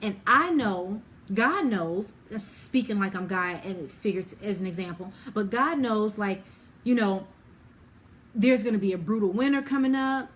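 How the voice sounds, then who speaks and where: A woman's voice: mid-range voice, lively intonation, a little slow, fairly bright tone, a little hiss or hum. A woman giving an informal Bible lesson in a chatty, everyday way, full of "you know" and "like", acting out little scenes. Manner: acts out everyday scenes with quoted dialogue. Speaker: Bible teacher.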